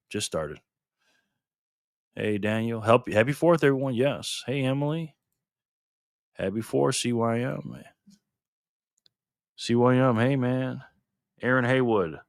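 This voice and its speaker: A man's voice: mid-range voice, fairly bright tone, no echo, clean studio sound. An upbeat man hosting a live stream, chatting casually and greeting viewers by name. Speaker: livestream host. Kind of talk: casual live stream chat reading comments.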